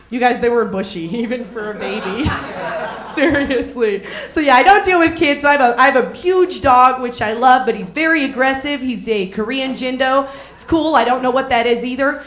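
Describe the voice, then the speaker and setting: A woman's voice: high-pitched, normal speed, reverberant, noisy background. A young woman from Minnesota doing a stand-up comedy set on a club stage, sardonic and playful, laughing at her own jokes.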